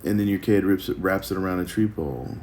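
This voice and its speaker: A deep-voiced man talks through a Bible passage in a loose, rambling way. He chuckles often and pokes fun at himself. A faint hiss sits under his voice. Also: fast talker, a little mellow. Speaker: vlogger. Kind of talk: casual devotional Bible reflection.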